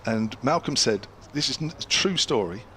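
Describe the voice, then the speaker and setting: Calling the cricket delivery by delivery, an older Englishman and former county player fills the gaps with anecdotes in a chatty, storytelling manner. His mid-range voice sounds bright and forceful, lively in intonation at normal speed, with a little hiss or hum underneath.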